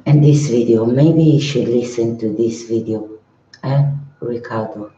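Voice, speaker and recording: An older man, a monk, answering viewers in a live-stream chat in broken English, halting and repeating his words. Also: mid-range voice, warm tone. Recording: roomy, slightly dull sound.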